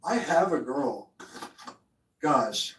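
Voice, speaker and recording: A man's voice: mid-range voice, very animated, very slow, recorded from a distance, over a noisy crowd. Young male streamer, crude and boastful, rambling, echoey room, off mic. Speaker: live streamer. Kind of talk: casual livestream chat. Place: room at home.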